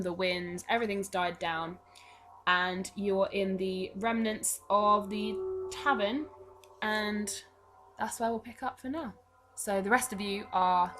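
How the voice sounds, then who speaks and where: Casual woman game master setting scenes, medium voice, music underneath. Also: medium pitch. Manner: casual descriptive narration with fillers. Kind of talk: narrating a tabletop game over a voice call.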